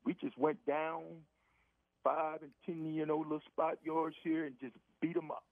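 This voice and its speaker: A middle-aged former football player, guesting on sports radio, talks casually and emphatically, restarting and repeating his phrases. His voice is on the high side with flat delivery and moderate pace, coming through a dry, tinny phone line with no room sound.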